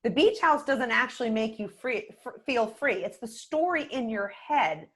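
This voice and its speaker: A middle-aged woman speaking as a podcast guest, a communication coach who talks in a calm, measured way and often drops to a quiet voice. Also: a little high. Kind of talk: conversational podcast interview.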